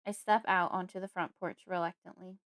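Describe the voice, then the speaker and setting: A woman's voice: fairly low pitch, fairly even intonation, a little fast, no echo, studio quality. Woman reading a horror audiobook. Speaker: audiobook narrator. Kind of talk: first-person horror audiobook narration.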